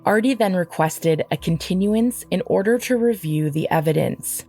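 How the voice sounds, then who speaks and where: A woman with a lower voice narrates a true-crime podcast in a measured, matter-of-fact way. Faint music plays beneath her scripted lines. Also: a little mellow.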